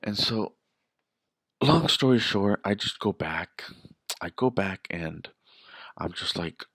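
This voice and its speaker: Low gravelly man rambling on camera. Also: animated, slow, long pauses, a bit bright, no echo. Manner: rambling, restarts, emphatic rhetorical questions. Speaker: vlogger. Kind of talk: casual storytelling monologue.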